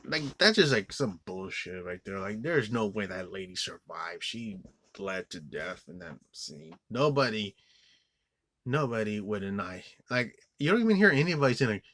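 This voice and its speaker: A man's voice: fairly low pitch, expressive, normal speed, fairly bright tone, no echo. A man giving an angry, profane movie review rant, rambling with many restarts and fillers. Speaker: film reviewer.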